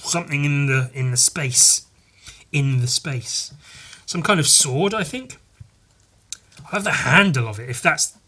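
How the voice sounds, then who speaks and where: Husky man rambling through a comic. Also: mid-range voice, sharp tone. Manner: rambling, laughing, swearing, muttering asides. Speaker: podcast host. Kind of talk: casual chat, reading a comic aloud.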